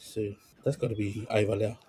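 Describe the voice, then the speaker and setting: A man with a New Zealand accent, co-hosting a podcast and telling funny stories in a relaxed, slangy way. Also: on the low side, brisk, breathy edge, no echo. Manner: laid-back storytelling with slang and chuckles. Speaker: podcast co-host. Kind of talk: casual chat.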